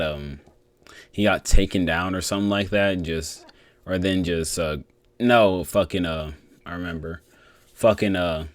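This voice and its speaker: A young man with a low voice talks through fight results in a loose, unscripted way. He swears a lot, trails off and restarts his sentences. The sound is dry and close, with no room echo. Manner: rambling, profane, many fillers and restarts. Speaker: MMA commentator giving fight reactions. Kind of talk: casual solo commentary.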